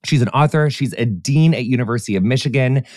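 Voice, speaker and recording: A man's voice: medium pitch, fast talker, darkish tone, no echo, clean studio sound. A man hosting a podcast who reads ads and introduces the news in an effusive, campy way, full of "like" and "honey". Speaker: podcast host.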